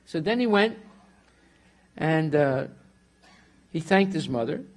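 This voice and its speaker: A man teaching a class, telling a story in a relaxed way and dropping in Hindi words. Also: fairly high pitch, takes it slowly.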